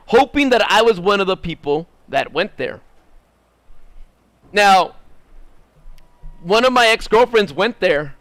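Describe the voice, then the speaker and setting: Man, 30s, from Southern California, high voice, animated storyteller, dry close mic. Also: no echo. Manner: animated, rising to excited high bursts when quoting himself. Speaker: streamer. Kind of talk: casual storytelling while gaming.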